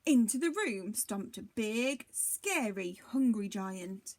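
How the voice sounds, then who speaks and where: A teacher reading a storybook aloud to young children in an expressive, dramatic way. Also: female voice, mid-range voice, slow, few pauses.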